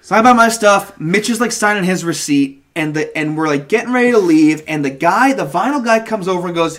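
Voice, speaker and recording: Young dude on a podcast, swearing a lot, spinning a story, kinda high-pitched. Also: male voice, brisk, few pauses. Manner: animated, profane storytelling. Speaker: podcast co-host. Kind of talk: casual storytelling chat.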